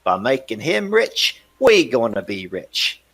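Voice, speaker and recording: Man doing a boastful smuggler boatman, loud and high; tabletop game. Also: very animated, slow, gravelly, breathy edge, full character voice. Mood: gloating. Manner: coarse, boastful. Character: gruff greedy male boatman smuggler.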